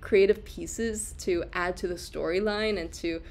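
A woman's voice: on the low side, steady tone, measured pace, darkish tone. Chatty woman hosting an art lecture. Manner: chatty, laughs often, many fillers and restarts; reads and answers viewer comments. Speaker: host giving an art lecture. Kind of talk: casual livestream lecture.

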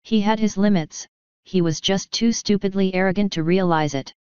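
A woman's voice: mid-range voice, moderate pace, a little mellow, clear, resonant tone, no echo, dull audio, lightly acted. A woman reading the part of an ambitious, exasperated female unicorn leader who lectures. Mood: deadpan.

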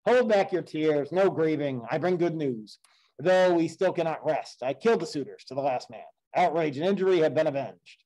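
A man voicing Odysseus, a returned warrior king who is steady and commanding, in a read-aloud of an epic poem. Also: on the high side, normal speed, pitched above the performer's own voice, close to an everyday voice, low-quality recording. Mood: earnest.

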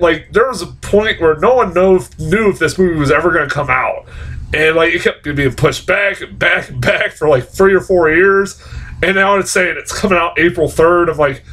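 A man's voice: high voice, fairly bright tone. A young man giving a casual, rambling film review, swearing often and getting worked up as he talks.

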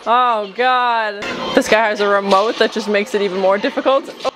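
A woman with a mid-pitched voice talks through a movie in a loose, chatty way, full of gasps and exclamations. The film's soundtrack plays loudly behind her. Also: normal speed, poor audio. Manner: animated, exclamatory, chatty with fillers. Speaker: movie reaction host. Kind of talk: casual reaction commentary. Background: film soundtrack music.

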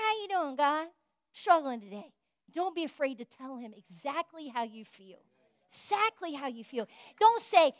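A woman pastor preaching a sermon in a fervent, folksy way, rising to loud exhortation and dropping to soft, confiding talk. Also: very high voice, no echo, studio quality. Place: church.

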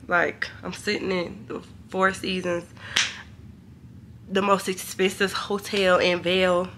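A woman's voice: lowish voice, level tone, slow pace, fairly bright tone, a little hiss or hum. A young woman, talking to camera in a hotel room, chatty and emotional. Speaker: vlogger. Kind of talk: casual vlog talk to camera.

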